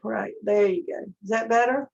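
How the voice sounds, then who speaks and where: A woman teaching a live painting class, talking gently step by step as she works. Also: mid-range voice, fairly even intonation, gravelly. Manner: slow, gentle step-by-step instruction. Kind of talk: live online painting lesson. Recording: dull lo-fi stream audio.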